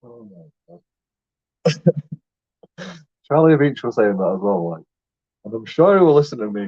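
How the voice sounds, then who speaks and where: A man's voice: medium pitch, sing-song, a little slow, pauses often, mellow, no room sound. A man, a YouTube vlogger rambling in a boastful, jokey way, swearing and laughing as he talks. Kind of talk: casual rambling monologue. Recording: dull lo-fi dry sound.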